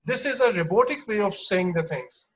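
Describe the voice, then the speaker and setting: A man teaching an online exam-prep lesson, explaining slowly with lots of fillers and restarts. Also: high-pitched, expressive, rough recording. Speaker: English teacher.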